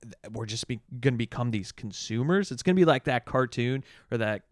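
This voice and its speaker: A man's voice: mid-range voice, expressive, fairly quick, no echo, studio quality. A young man co-hosting a comedy podcast in a laid-back, joking way. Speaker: podcast co-host. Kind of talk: casual comedic chat.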